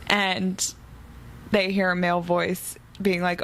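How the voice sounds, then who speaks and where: A woman's voice: lowish voice, flat delivery, slow pace, a bit bright, low-quality recording. A woman co-hosting a casual book podcast, recapping the plot eagerly. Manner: chatty, recapping the plot with enthusiasm. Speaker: podcast co-host.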